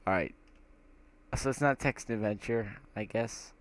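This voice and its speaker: A man's voice: lowish voice, a little slow, no echo. A young man playing a horror game, reading its text aloud and reacting with nervous laughs and whispers. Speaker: gameplay commentator. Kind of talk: casual let's-play commentary, reading game text aloud. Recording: rain and thunder from the game behind. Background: loud rain and thunderstorm game sounds.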